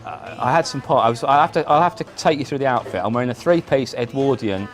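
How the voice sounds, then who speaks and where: A man's voice: medium pitch, fast. Man telling rambling anecdotes. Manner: animated anecdotes with frequent restarts and laughter. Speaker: interview guest, musician. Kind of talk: casual chat, storytelling. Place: indoor chat.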